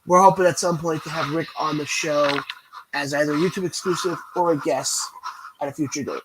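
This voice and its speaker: A man's voice: on the high side, steady tone, a little fast, background noise. A man co-hosting a wrestling podcast who chats casually and talks straight to the listeners. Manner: chatty, addresses listeners as folks. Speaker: podcast co-host.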